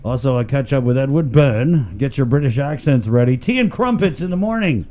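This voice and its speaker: A man's voice: mid-range voice, lively intonation, brisk, mellow. A man hosting a morning radio show, talking in loose, jokey banter with lots of fillers from a studio.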